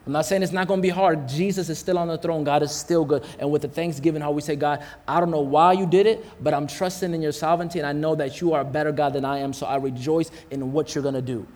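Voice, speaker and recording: A man's voice: a little high, fairly even intonation, fast, few pauses, darkish tone. A man preaching a sermon in a casual, slangy way, calling out to the congregation, hot and sweating as he talks. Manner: casual, slangy preaching with call-outs to the crowd. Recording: long hall reverb.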